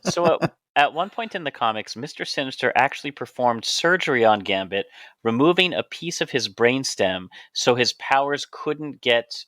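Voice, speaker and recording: A man co-hosting a medical podcast, laying out ideas in a steady, playful explanatory way. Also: medium pitch, moderate pace, no echo. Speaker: podcast co-host, physician. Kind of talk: casual podcast chat.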